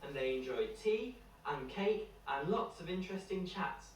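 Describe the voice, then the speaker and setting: Male storyteller, playful bedtime narration, distant mic, faint background hiss. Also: a little high. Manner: slow, lively, playful. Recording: echoey room from far off, faint noise.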